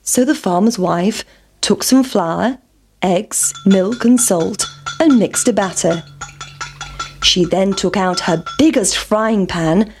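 A woman reading a children's story aloud in a slow, clear storybook delivery. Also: medium pitch, darkish tone, a little hiss or hum.

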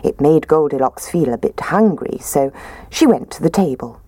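A woman reading a children's story aloud in a gentle, expressive way. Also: sits low, moderate pace, slightly rough, dry recording.

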